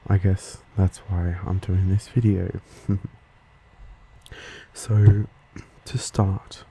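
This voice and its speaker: A man with an Australian accent, giving a soft-spoken ASMR lesson into a stereo microphone and pronouncing each word slowly and carefully. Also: deep voice, creaky, slight background noise. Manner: slow, careful, gentle enunciation. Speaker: ASMR channel host. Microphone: Blue Yeti microphone, stereo.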